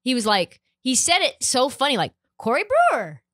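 A woman's voice: sits high, sing-song, a little fast, sharp tone, dry recording, clean studio sound. A woman hosting a podcast interview, chatty and playful as she teases her guest. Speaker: podcast host. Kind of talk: casual interview chat.

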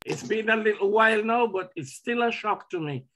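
A man's voice: high voice, lively intonation, a little fast, sharp tone, a little hiss or hum. A man speaking at a memorial service, stammering with emotion before rising into fervent preaching about heaven. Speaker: family member speaking at a memorial.

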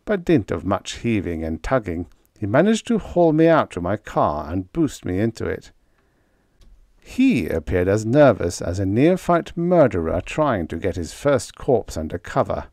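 A man narrating a humorous story in the first person, with a wry, deadpan manner. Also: on the low side, unhurried, dry recording. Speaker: audiobook narrator.

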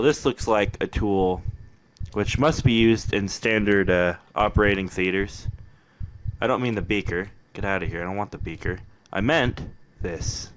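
A young man casually commenting on his own gameplay, excitable and jokey, swearing and muttering at the game. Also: deep voice, slight background noise. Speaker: gamer host.

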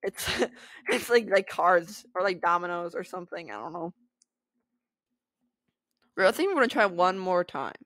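A woman's voice: on the low side, sing-song, moderate pace, long pauses, a bit bright, dry recording. A young woman giving casual, giggly commentary as she plays an online game, chatting to her viewers. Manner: giggly, bubbly, talks to viewers. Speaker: gaming video creator.

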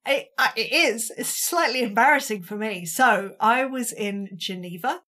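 A woman's voice: a little high, moderate pace, sharp tone. A British woman, a touring drummer, telling a story in a casual and self-deprecating way, acting out the quotes with energy. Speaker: podcast guest, touring drummer.

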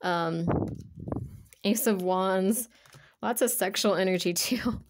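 A woman's voice: mid-range voice, slow, long pauses. A woman giving a casual tarot reading in a chatty, rambling way, full of filler words. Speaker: tarot reader.

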